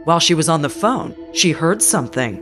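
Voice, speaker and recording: A woman reads scripted documentary narration in a measured, grave way. Her voice sits a little low, with clear music playing underneath. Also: animated.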